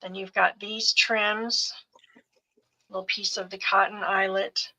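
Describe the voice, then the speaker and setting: A middle-aged woman slowly showing off craft supply bundles piece by piece on a live sales show. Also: mid-range voice, level tone, sharp tone, low-quality recording. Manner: unhurried, listing items one by one.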